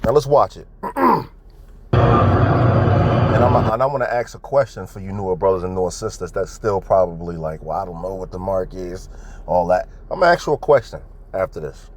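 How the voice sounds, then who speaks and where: A man's voice: low voice, expressive, normal speed, noisy background. A man giving casual religious commentary, swearing freely and asking his viewers emphatic questions, recorded indoors. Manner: profane, emphatic, talks to viewers directly. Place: indoors at home.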